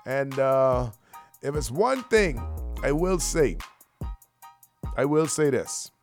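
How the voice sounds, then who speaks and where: A man hosting a radio show, talking in loose, slangy, joking patter full of shout-outs. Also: mid-range voice, sing-song, takes it slowly, soft background music. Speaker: radio host.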